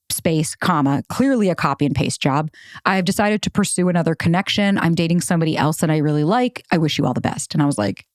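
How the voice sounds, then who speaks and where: A woman's voice: lowish voice, darkish tone, dry recording, clean studio sound. A woman in her thirties hosting a solo podcast, telling a personal story in a casual, candid way, swearing freely and acting out text messages. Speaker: podcast host.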